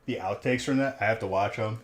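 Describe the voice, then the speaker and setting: A man's voice: on the low side, fairly quick, slight background noise. A young man hosting a live stream where he opens trading card packs, rambling in casual chat and teasing his viewers. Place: alone in a room.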